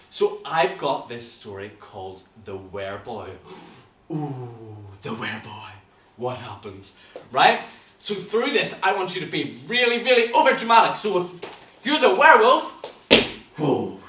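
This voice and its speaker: A young man with a Northern Irish accent, teaching an online acting class to viewers in an animated, theatrical way full of gasps and sudden bursts. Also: on the high side, reverberant, far from the mic, a little hiss or hum. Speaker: drama teacher.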